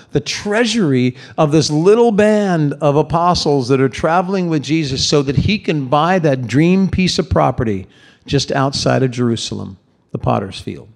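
A man's voice: mid-range voice, creaky. A man preaching a sermon in a conversational, emphatic way, often repeating words for stress.

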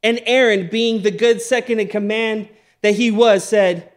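A man's voice: high voice, steady tone, a little slow. A man preaching a sermon as a pastor, reading and retelling stories in a conversational way and asking the audience questions. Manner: conversational storytelling, asks the audience.

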